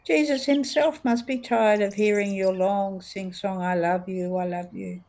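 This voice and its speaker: A woman's voice: medium pitch, fairly even intonation, measured pace, a little mellow, lightly acted. A woman reading aloud the words of a nagging, scolding inner thought in a devotional reading. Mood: chiding.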